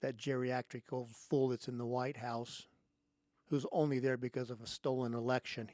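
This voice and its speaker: A man's voice: mid-range voice, little pitch movement, normal speed, a little mellow, dry recording. A man hosting his own show, giving an angry, sarcastic political monologue straight into a close microphone. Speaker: host.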